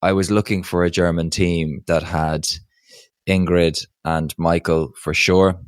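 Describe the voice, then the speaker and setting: A man with a very low voice talks with emphatic enthusiasm, co-hosting a casual podcast. The sound is dry and close, with no room at all. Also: steady tone, a little slow, no room sound. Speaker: podcast co-host.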